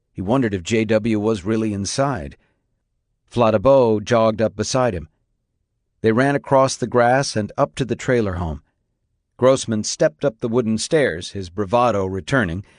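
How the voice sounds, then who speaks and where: A man narrating an audiobook in a steady, plain storytelling manner. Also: lowish voice, dry recording, studio quality.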